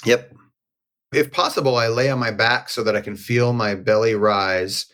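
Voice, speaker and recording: Speaking at a moderate pace in a fairly low register, a man being interviewed relates a personal story openly and casually. He's lively about it and voices the quoted exchanges himself.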